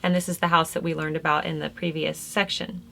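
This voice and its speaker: A woman's voice: low-pitched, flat delivery, fairly quick, gravelly, a bit bright. A woman hosting a lifestyle video, reading art history notes aloud and breaking off for casual, chatty asides. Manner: conversational, chatty, laughs between remarks. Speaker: host.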